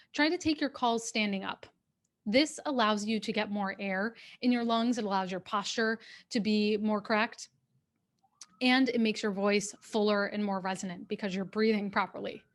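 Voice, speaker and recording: A woman executive coach giving a workshop talk over a video call, speaking in a clear, steady, instructive way. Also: medium pitch. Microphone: webcam on a video call.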